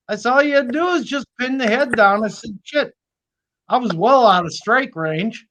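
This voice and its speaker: Folksy high-voiced man telling stories. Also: animated, moderate pace, sharp tone. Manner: folksy, swears casually, acts out quoted voices. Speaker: snake keeper on live stream. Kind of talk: casual storytelling chat.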